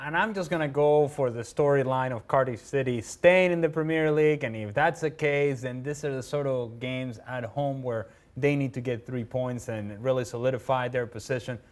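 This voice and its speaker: A man's voice: medium pitch, moderate pace, few pauses. Dry wry guy making soccer picks, perks up when he argues a point. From not from the UK. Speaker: football analyst. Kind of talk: casual sports prediction chat.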